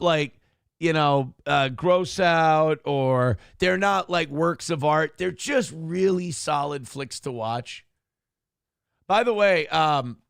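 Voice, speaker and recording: A man hosting a morning talk show in casual chat, rambling and animated, swearing freely with lots of fillers. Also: fairly high pitch, gravelly, smooth, no echo, clean studio sound.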